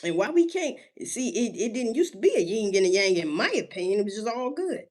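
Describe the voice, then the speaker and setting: Animated, swearing woman ranting casually. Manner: animated, profane, street slang, rhetorical questions to listeners; drawn-out emphasis on words, sudden pitch jumps. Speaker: solo commentator. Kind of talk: casual rant.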